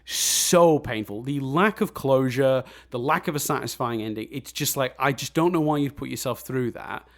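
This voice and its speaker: A man co-hosting a casual film review podcast, animated and blunt, swearing and laughing often. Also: mid-range voice, moderate pace, hardly any pauses. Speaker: podcast co-host.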